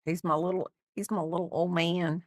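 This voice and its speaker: Low-voiced woman chatting to her dog. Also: flat delivery, moderate pace, dry recording, clean studio sound. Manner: teasing, doting talk to her dog; rambling with restarts. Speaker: crochet streamer. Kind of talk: casual chat while crocheting.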